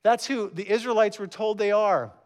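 Male pastor, high voice, emphatic sermon, stumbles on repeated words. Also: moderate pace. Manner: emphatic, repeats words when starting phrases; reads scripture aloud, then explains it.

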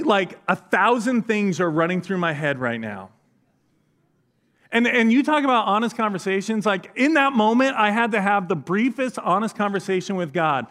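A man's voice: high voice, fairly bright tone. A man preaching a sermon, telling personal stories in a conversational, self-deprecating way with touches of humor. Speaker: pastor.

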